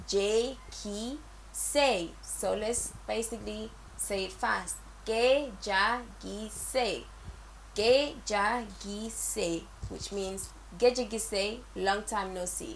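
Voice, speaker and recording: Slow, gravelly-voiced woman teaching. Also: mid-range voice, a little hiss or hum, poor audio. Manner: repeats words syllable by syllable. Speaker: language teacher. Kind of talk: slow, patient language lesson.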